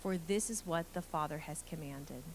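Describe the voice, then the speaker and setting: A woman's voice: sits low, moderate pace, a little hiss or hum, poor audio. A woman pastor preaching a live sermon in a church, earnest and building emphasis as she speaks. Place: church sanctuary.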